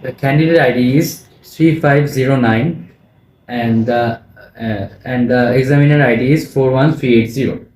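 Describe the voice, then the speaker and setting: A man acting as examiner, reading formal set questions briskly. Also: medium pitch, darkish tone. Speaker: exam examiner. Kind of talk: formal test prompts. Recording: echoey room with faint noise.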